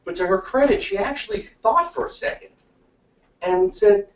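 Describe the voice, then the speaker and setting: Man presenter, fairly high voice, lively storyteller, recorded at a distance in a roomy space with dull sound. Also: normal speed. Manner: lively storytelling, acts out dialogue. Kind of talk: webinar talk.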